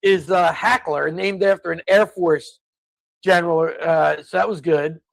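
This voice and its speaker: A man's voice: fairly high pitch, fairly even intonation, a little slow, creaky, no echo, low-quality recording. A man co-hosting a casual podcast, telling stories and ranting in exasperated bursts. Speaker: co-host.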